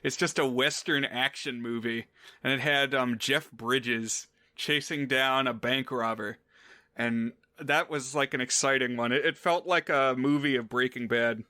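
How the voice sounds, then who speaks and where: A man's voice: medium pitch, steady tone, measured pace, pushed and bright, no room sound. A man co-hosting a film podcast in casual chat, rambling a little and correcting himself with fillers. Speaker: podcast co-host.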